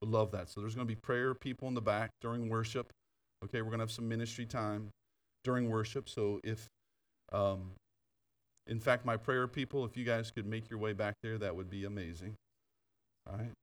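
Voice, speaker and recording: A man preaching in a church, telling stories with laughs and asides, then turning quieter to lead an altar call. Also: on the low side, moderate pace, distant mic. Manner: animated storytelling with laughter and asides. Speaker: pastor. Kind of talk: sermon. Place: church sanctuary.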